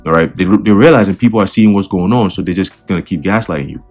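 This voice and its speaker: A man's voice: sits low, quick pace, few pauses, darkish tone, faint music behind. A man giving casual religious and political commentary in a conversational way, repeating words and checking in with the listener. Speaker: online commentator.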